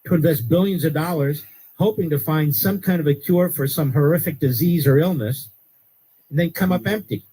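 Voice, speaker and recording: A man hosting a talk radio show, delivering an emphatic political commentary monologue that rises to sharp outbursts. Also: moderate pace, husky, rough recording. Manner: emphatic, rising to sharp high-pitched outbursts.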